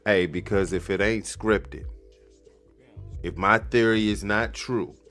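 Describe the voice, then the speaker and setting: Slow, slangy man riffing on a clip. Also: lowish voice, soft background music. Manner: slangy, animated, mocking, laughs often. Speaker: podcast host reacting to a clip. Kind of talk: casual commentary over replayed clip.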